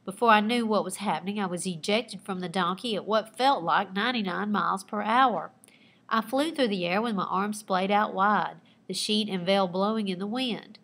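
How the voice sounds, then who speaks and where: Expressive woman teacher reading a story. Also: medium pitch, normal speed. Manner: expressive storytelling with asides pointing out figurative language. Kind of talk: reading aloud a personal narrative and explaining writing techniques.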